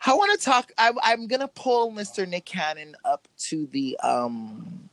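A young man hosts a casual chat, telling stories with strong opinions. His voice swings widely and sounds bright. The sound is dry and close. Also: high-pitched, a little slow, dry recording. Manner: animated, opinionated storytelling.

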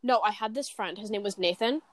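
A young woman in casual chat, telling animated stories with giggles, swearing and acted quotes. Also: medium pitch, brisk, a crowd in the background.

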